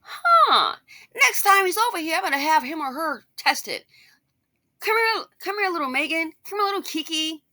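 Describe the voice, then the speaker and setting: A woman's voice: very high-pitched, very animated, moderate pace, bright, forceful tone, no room sound, studio quality, voice pushed up, exaggerated voice. A woman putting on the voice of a suspicious man who doubts a child is his. She plays him in an exaggerated, comic way.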